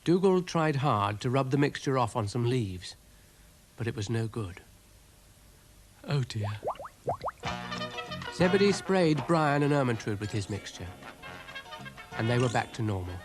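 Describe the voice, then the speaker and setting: A man's voice: mid-range voice, sing-song, moderate pace, music in the background. A man narrating a cartoon as a storyteller, in a dry, understated manner.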